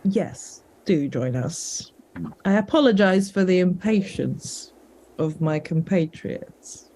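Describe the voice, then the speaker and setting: A woman's voice: fairly low pitch, expressive, slow, warm tone, slight background noise. A British woman playing in an improvised tabletop game, speaking politely and unhurriedly. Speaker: player.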